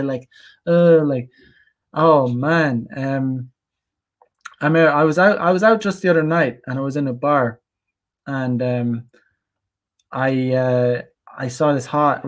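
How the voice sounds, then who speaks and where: A young adult man from Ireland, ranting in a rambling, blunt, profane way on a casual livestream and reading out chat comments. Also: on the high side. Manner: rambling, many restarts and fillers, blunt and profane. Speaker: channel host.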